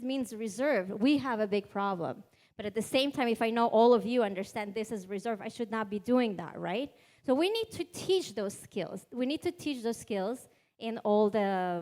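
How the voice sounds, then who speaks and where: A woman behavioral analyst speaking on a conference panel, energetic and demonstrative, putting questions to the audience. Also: a little high. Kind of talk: panel discussion answer. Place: conference hall.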